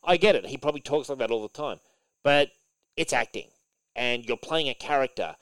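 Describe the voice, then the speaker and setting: A man's voice: mid-range voice, brisk, a bit bright, no echo, poor audio. A man co-hosting a podcast in casual chat, opinionated and swearing now and then. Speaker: podcast co-host.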